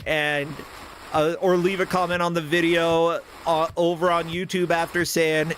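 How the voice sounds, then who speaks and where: A man's voice: on the high side, expressive, a little slow, fairly bright tone, slight background noise, rough recording. An American man commentating a game tournament livestream in a casual, rambling, joking way, laughing often. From United States.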